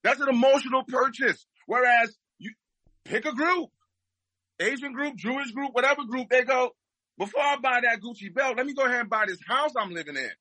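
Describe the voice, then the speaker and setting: A man's voice: extremely high pitch, brisk, pushed and bright, dry recording, poor audio. A man speaking as a guest, giving impassioned political commentary and repeating his points for emphasis.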